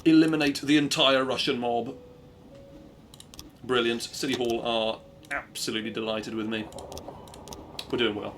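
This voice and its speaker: A man's voice: medium pitch, steady tone, moderate pace, long pauses, background noise. A man chatting upbeat through a live speedrun, cheering his own progress and making asides to his stream viewers. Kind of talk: live gameplay commentary.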